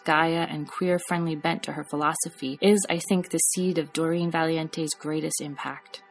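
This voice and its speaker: A woman podcast host reading scripted storytelling narration in a measured, reflective way. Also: deep voice.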